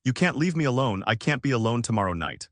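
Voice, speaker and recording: A man's voice: mid-range voice, very animated, fast talker, no echo, close to an everyday voice. A male narrator voicing a clingy, grieving woman who pleads and begs in a drama story. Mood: pleading. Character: grieving, clingy, desperate young widow.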